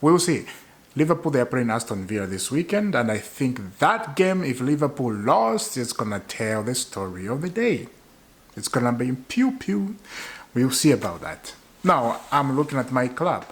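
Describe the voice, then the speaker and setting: A young man ranting to camera as a frustrated football fan. His pitch swings up and down in a lively way, and he circles back and repeats his complaints for emphasis. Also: normal speed. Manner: exasperated, repeats points for emphasis. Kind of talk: casual fan rant to camera.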